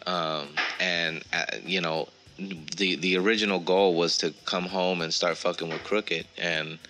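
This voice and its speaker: A man being interviewed as a rapper, talking in a halting, casual way with lots of slang, swearing and repeated words. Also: low-pitched, steady tone, bright, forceful tone. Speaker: rapper, guest.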